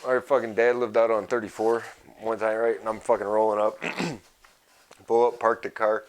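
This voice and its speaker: A man's voice: fairly low pitch, steady tone, normal speed. A man co-hosting a casual podcast, telling stories full of swearing and laughter. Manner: profane, laughing storyteller. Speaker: podcast co-host. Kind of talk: casual stoner chat.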